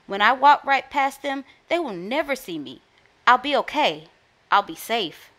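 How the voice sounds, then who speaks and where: A woman's voice: a little high, animated, unhurried, a bit bright, pitched above the performer's own voice. A woman doing a timid, hopeful little rabbit boy.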